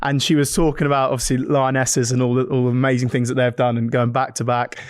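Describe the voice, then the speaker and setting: A man's voice: medium pitch, fast. A man co-hosting a rugby podcast, telling stories in a chatty studio conversation and often chuckling. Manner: chuckling, animated storyteller. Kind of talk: casual studio chat.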